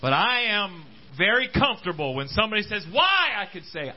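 Man, preacher, high voice, lively animated delivery, dull lo-fi recording. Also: a little fast, hardly any pauses. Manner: animated preaching, calls out to congregation. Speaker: pastor. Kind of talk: sermon. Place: church service.

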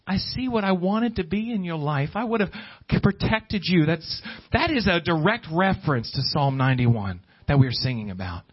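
A man's voice: fairly high pitch, expressive, moderate pace, few pauses, husky, dull audio. A man preaching a sermon, often restarting his words and building in fervor. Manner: repetitive restarts, rising fervor.

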